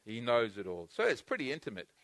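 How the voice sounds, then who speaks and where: Man, preacher, sermon, bright piercing tone, dry close sound, loud-then-hushed delivery, earnest repetition. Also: medium pitch, wildly swooping pitch, fast talker, no echo. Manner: swings between loud emphatic bursts and hushed, intimate delivery; repetitive, earnest, with frequent restarts.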